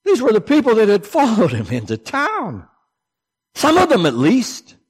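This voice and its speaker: Dramatic preacher, a man with a higher voice. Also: huge pitch swings, moderate pace, husky, long reverb tail. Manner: dramatic, swinging from loud declarations to hushed asides. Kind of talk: sermon.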